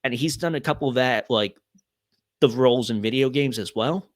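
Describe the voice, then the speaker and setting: A man's voice: mid-range voice, moderate pace, no room sound, clean studio sound. A young man on a podcast, talking casually and rambling with many fillers. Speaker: podcast guest.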